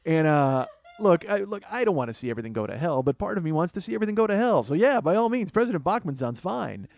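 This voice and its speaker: A man's voice: a little high, big pitch swings, fast talker, gravelly, a little mellow. A man hosting a comedy podcast, rambling profanely through a solo monologue and laughing at his own jokes. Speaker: podcast host.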